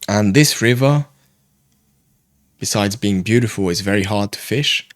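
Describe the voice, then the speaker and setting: A young man from France with a French accent, telling a fishing story as a guest in a casual, animated chat. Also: fairly low pitch, measured pace. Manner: animated storyteller, loose and chatty.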